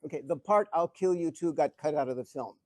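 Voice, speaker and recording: Brief: older male guest speaker, slightly high voice, dry close sound, animated chuckling anecdotes. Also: brisk, dry recording. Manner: animated, chuckling storyteller with frequent restarts. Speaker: guest speaker answering audience questions. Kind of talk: live Q&A anecdote telling. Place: event hall before an audience.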